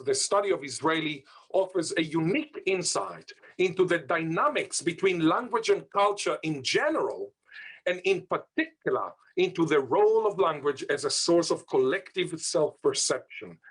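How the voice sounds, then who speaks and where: A man's voice: a little high, slightly rough. A man giving a scholarly lecture as a linguist, with playful asides and recorded over a video call.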